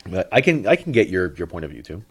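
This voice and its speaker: Deep-voiced stammering male podcast co-host. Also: very animated, fast talker, breathy edge. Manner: stammering, blunt, good-humored. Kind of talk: casual podcast chat.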